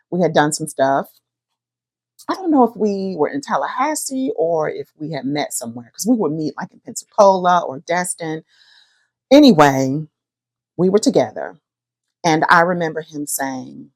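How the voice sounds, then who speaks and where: A middle-aged woman, hosting a podcast and chatting about her own life in a lively, animated way. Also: low-pitched, dry recording. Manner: lively, chatty, addresses listeners as y'all. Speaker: podcast host. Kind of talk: personal storytelling to listeners.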